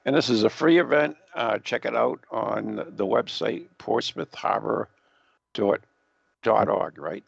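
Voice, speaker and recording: A man with a deeply gravelly, husky voice chats in a lively way, his pitch swinging up and down. The sound is dry and dull, with no room around it. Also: takes it slowly, dry recording. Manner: chatty, lively and affirming. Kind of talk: casual radio chat.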